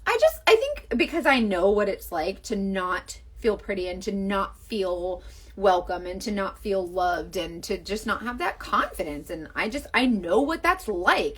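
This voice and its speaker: A young Southern American woman with a Southern accent, chatting on a makeup livestream in a gushing, rambling way, full of fillers. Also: mid-range voice. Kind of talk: casual livestream chat and makeup demo.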